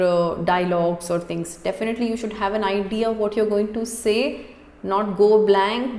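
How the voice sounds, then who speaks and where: Expressive woman coach. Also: medium pitch. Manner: expressive, stresses chosen words. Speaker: cabin crew coach. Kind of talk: unscripted spoken English lesson. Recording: echoey room with long reverb.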